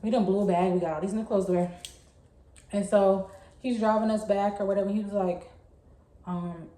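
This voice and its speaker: A young woman, telling a story in a chatty, animated way. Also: medium pitch, normal speed, pauses often. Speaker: vlogger. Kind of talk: casual storytime. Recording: echoey room.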